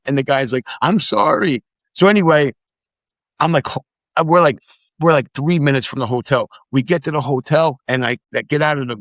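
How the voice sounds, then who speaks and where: Middle-aged man telling animated stories. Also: mid-range voice, no echo. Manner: animated storyteller, acts out quotes, swears. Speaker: podcast guest, former immigration officer. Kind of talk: casual storytelling in conversation.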